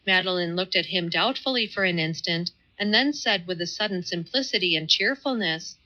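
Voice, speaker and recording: A woman reading a classic novel as an audiobook in calm, measured scripted narration. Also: lowish voice. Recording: slightly muffled audio.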